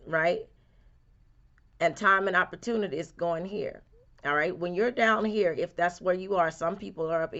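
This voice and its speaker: Folksy low-voiced woman giving pep talk. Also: a bit bright, dull audio. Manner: repetitive, folksy, addresses viewer directly. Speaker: spiritual reader. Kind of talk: casual motivational talk to camera.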